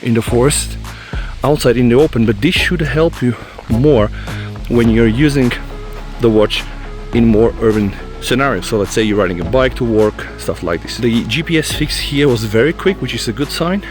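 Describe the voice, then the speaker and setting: Male tech reviewer, mid-pitch, slightly breathless, casual trail walk-and-talk outdoors. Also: normal speed, faint music behind. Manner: chatty, addresses viewers as guys. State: out of breath from fast walking.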